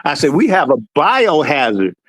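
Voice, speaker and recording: A man's voice: normal speed, no echo. A middle-aged American man hosting a livestream, telling service stories and acting out the people in them. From United States. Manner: animated, acts out quotes in a higher voice. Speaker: livestream host. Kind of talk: storytelling chat.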